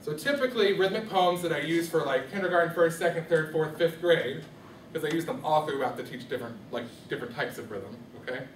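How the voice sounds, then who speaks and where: Talking a little fast in a fairly high voice, a male music teacher leads a class through rhythm, regularly asking whether students are following along. The clip is distant and echoey, from a classroom, with a little hiss or hum.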